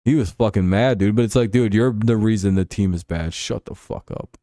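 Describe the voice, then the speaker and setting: A man's voice: fairly low pitch, brisk, warm tone, dry recording, studio quality. A man hosting a casual sports livestream, rambling through profane rants and reading chat. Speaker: sports show host.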